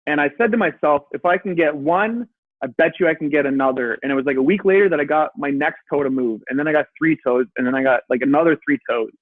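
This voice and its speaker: A man telling his story as an interview guest, animated and swearing freely, acting out his own past words. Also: fairly high pitch, fast talker, dry recording. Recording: tinny phone-like line.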